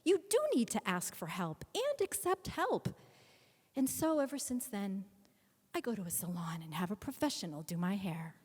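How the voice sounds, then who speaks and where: A woman in her fifties telling a personal story live on stage, animated and acting out scenes. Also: medium pitch, moderate pace, husky. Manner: animated, acts out scenes with voices. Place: stage in a hall. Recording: long hall reverb from a stage.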